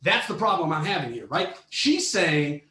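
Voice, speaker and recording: A man co-hosting a podcast, ranting with heavy profanity and frequent shouting as he reacts to a story. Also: a little high, very animated, moderate pace, reverberant. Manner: profane, heated, often shouting. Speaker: podcast co-host. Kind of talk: ranting commentary on a reader story.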